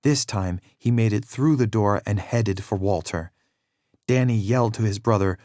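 A man narrating a children's adventure story in a measured, expressive read-aloud style, with a very dry sound. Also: fairly low pitch, dry recording.

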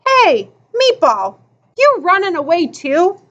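A woman's voice: extremely high pitch, big pitch swings, slow, fairly bright tone, dull audio, pitched above the performer's own voice, full character voice. A woman voicing a bossy, scrappy eight-year-old boy who growls and scolds.

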